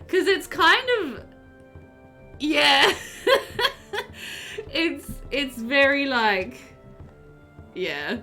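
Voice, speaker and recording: A woman's voice: high-pitched, animated, very slow, pauses often, pushed and bright, faint music behind. A woman streamer chatting casually and animatedly with viewers while playing a game, often laughing.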